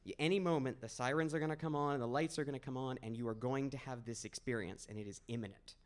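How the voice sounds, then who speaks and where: A man's voice: medium pitch, steady tone, fast talker. Wry young man telling a story onstage. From Maine, USA. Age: 20s. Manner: conversational, wry, self-deprecating. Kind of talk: live personal storytelling. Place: small stage at a storytelling event.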